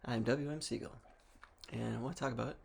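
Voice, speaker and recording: A man's voice: mid-range voice, fairly even intonation, brisk, vocal fry, a little mellow, slightly rough. A young man from Massachusetts, talking to camera in a rambling, wry way, with restarts and small laughs. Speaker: vlogger. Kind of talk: casual monologue.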